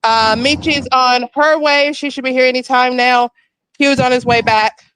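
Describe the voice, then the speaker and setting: Breathless, bright-voiced woman calling in outdoors. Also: high-pitched, fairly even intonation, normal speed, clean tone, no room sound, poor audio. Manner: chatty, apologetic, laughing. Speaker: volunteer calling in to a live panel. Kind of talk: off-the-cuff live update. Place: outdoors at a school grounds in summer heat.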